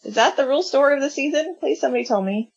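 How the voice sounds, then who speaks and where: A woman's voice: high voice, racing, creaky. A woman calling into a casual podcast by phone, talking in a worried, complaining way with emphatic questions. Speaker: podcast co-host on a call. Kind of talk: casual chat. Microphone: phone on a call. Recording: muffled phone call.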